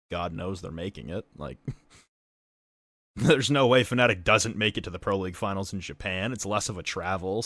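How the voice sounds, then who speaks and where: A young man co-hosting an esports podcast, talking casually and ranting with lots of swearing, getting loud when fired up. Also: low-pitched, dry recording. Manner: ranty and profane, swings loud when fired up. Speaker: podcast co-host and esports caster. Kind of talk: casual chat.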